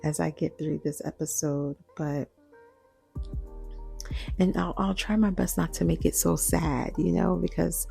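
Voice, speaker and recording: A woman in her forties hosting a late-night solo podcast from home, talking slowly and half-whispering as she reflects. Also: fairly low pitch, fairly even intonation, gravelly, dark tone, soft background music. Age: 40s. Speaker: podcast host.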